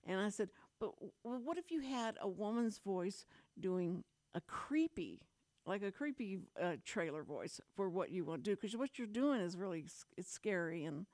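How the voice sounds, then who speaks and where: A woman's voice: mid-range voice, lively intonation, normal speed, a little mellow, no room sound. Middle-aged texan lady hosting radio, rambly storytelling, dry close sound. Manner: rambling, restarts often, storytelling. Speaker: radio show host. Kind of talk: casual on-air chat. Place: radio studio.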